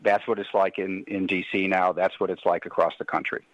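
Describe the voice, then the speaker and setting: A man's voice: sits low, little pitch movement, fairly quick, no room sound, highs cut off. Teasing male radio guest. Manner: teasing, playful. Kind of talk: casual banter.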